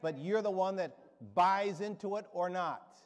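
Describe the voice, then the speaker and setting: A man's voice: high-pitched, a little slow. Rousing older man preaching in a reverberant hall. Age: 70s. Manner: rousing, emphatic, storytelling with asides. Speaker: guest preacher. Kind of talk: sermon. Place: church sanctuary.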